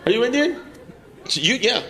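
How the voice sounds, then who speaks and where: A man's voice: very high voice, big pitch swings, moderate pace, pushed and bright. Brash male comic working a laughing crowd. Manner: brash, teasing, laughs at own jokes. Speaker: stand-up comedian. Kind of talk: crowd work stand-up. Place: club stage with live audience. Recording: live club audio with crowd and noise. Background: audience laughter.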